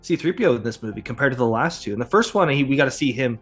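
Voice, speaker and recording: A man's voice: mid-range voice, lively intonation, very fast, husky, soft background music. A man hosting a casual podcast, rambling with lots of fillers and chuckles. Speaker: podcast host. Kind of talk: casual chat.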